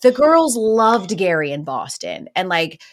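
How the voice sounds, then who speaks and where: A woman's voice: on the low side, sing-song, unhurried. A woman hosting a sports talk show, chatting casually and playfully teasing her co-host. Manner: playful teasing, acts out quoted voices.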